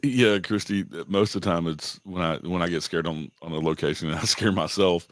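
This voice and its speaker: Deep-voiced man, laughing through stories. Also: a little fast, no room sound. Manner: profane, laughs often while telling stories. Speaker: podcast co-host. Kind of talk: casual chat.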